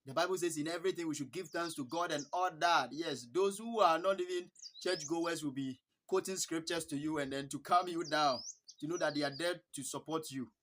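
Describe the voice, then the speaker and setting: A Ghanaian man vlogging in a casual storytelling style. He is animated and laughs between phrases. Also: a little high, fairly quick, a little hiss or hum. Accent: Ghanaian English. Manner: earnest, blessing-filled sign-off.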